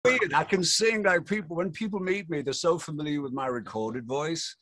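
A man's voice: on the high side, normal speed, a bit bright, no room sound. Jokey Yorkshire man in his sixties, dry close voice. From England. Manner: theatrical, jokey, camp asides. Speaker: rock singer. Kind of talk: playful interview chat.

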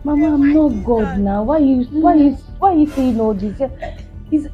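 A woman's voice: high voice, lively intonation, normal speed, dull audio, faint music behind. A woman playing a tired, pregnant Nigerian young wife in a comedy skit, pleading and apologetic.

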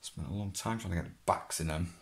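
A man's voice: sits low, fast talker, slight background noise. Rambling, swearing man. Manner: rambling, chatty, swears freely, laughs often. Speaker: vlogger. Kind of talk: casual chat, talking to an absent child.

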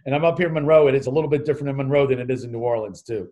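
A man's voice: mid-range voice, racing, mellow. A man, co-hosting a casual talk show over a video call, enthusiastic and rambling, stumbling over his words. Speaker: co-host.

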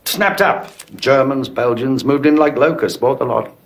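An actor playing a suave, breezy estate agent. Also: male voice, medium pitch, moderate pace, natural voice. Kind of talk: TV drama acting.

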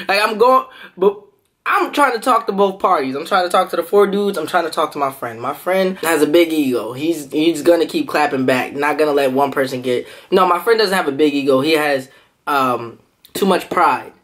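A man vlogging to camera, telling a story in a lively, animated way and jumping into quoted voices, with features. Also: fairly high pitch, normal speed. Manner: animated, jumps into quoted voices, laughs often. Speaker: food vlogger.

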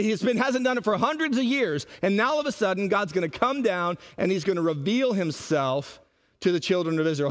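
A man preaching a sermon as pastor, animated and acting out the voices he quotes. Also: high voice.

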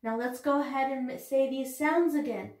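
A woman teaching young children in a video lesson, talking slowly and encouragingly in a sing-song way. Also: sits high, a little mellow, far from the mic. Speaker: preschool teacher. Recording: echoey room, off-mic.

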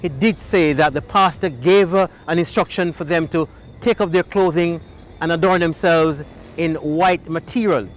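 Measured TV news reporter voiceover. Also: mid-range voice, slight background noise. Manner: measured, formal report delivery. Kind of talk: scripted news narration.

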